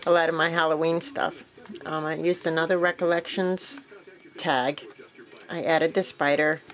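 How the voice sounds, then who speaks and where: Rambling low-voiced woman crafter. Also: poor audio. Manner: relaxed, rambling with frequent fillers and self-corrections. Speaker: crafting vlogger. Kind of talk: casual show-and-tell walkthrough.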